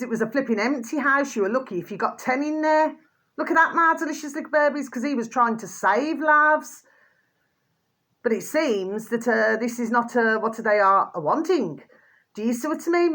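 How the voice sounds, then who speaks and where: A woman's voice: on the high side, fairly bright tone. Chatty woman vlogger. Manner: chatty, repetitive, endearing asides to viewers; indignant outbursts amid gossipy storytelling. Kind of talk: rambling casual monologue to viewers.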